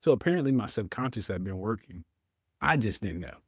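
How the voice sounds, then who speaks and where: A man's voice: lowish voice, lively intonation, a little fast, husky, no echo, studio quality. A man, a veteran guest telling his story in an interview, acting out his own past words.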